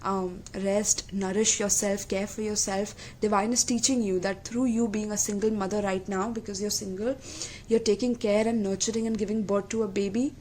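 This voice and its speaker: A woman's voice: medium pitch, steady tone, normal speed, a little hiss or hum. A woman giving a tarot reading, earnest and affectionate, often checking in with her listeners. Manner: warm, repeatedly checks in with "okay?" and "my loves"; gentle, emotional and earnest. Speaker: tarot reader.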